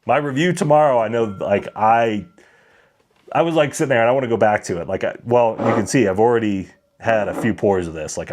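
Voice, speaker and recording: A man's voice: mid-range voice, darkish tone. A man hosting a casual whiskey livestream, chatting with viewers and reading their comments aloud. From Colorado.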